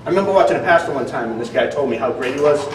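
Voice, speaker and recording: A man's voice: medium pitch, expressive, racing, slight background noise. A man pastor preaching a sermon in a casual, conversational way, with frequent fillers. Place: church hall. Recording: echoey hall, distant mic.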